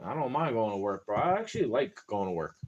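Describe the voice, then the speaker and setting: A man's voice: on the low side, big pitch swings, quick pace, darkish tone, lo-fi sound. A young man venting in a rambling, casual monologue to camera, frustrated and full of slang. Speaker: vlogger.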